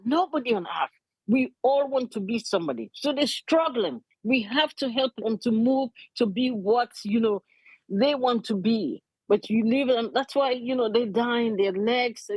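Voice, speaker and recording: A woman's voice: fairly high pitch, slightly rough, no room sound, muffled recording. A middle-aged woman, speaking earnestly and emotionally as a community advocate, repeating her key points. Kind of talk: impassioned interview testimony.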